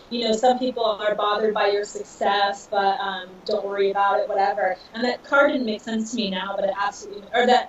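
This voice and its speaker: A woman in her thirties, a podcast guest, telling a personal story in an emotional, animated way with laughter. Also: a little high, slight background noise. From Southern California. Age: 30s. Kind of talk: casual storytelling. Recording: dull, distant, roomy audio.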